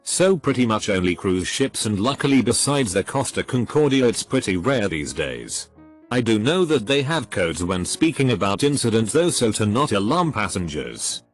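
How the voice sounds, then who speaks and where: A man narrating a run of internet forum stories in a steady, even reading voice, with faint music behind him. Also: fairly low pitch, moderate pace.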